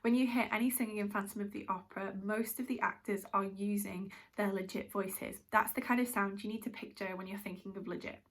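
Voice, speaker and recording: A woman's voice: mid-range voice, steady tone, brisk, few pauses. A woman from Britain, teaching a musical theatre masterclass in a chatty, explanatory way. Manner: chatty, explanatory, self-aware. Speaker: drama teacher.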